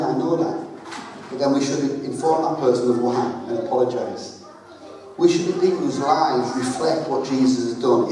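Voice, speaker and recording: Male preacher, slightly high voice, jokey and emphatic, heard from far off in an echoey church hall. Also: darkish tone. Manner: chatty, joking, emphatic. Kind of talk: sermon.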